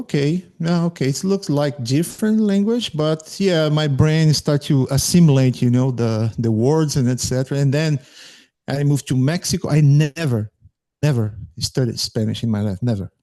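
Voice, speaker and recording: A man's voice: on the high side, moderate pace, mellow. A man from Brazil with a Brazilian Portuguese accent, a guest chatting casually and thoughtfully, often searching for words. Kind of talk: casual interview chat.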